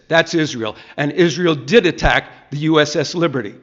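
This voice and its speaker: A man's voice: fairly high pitch, moderate pace, few pauses, a bit bright. A man making an emphatic, indignant public comment at a council meeting, speaking in short declarative statements. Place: council chamber. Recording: dull, muffled meeting audio.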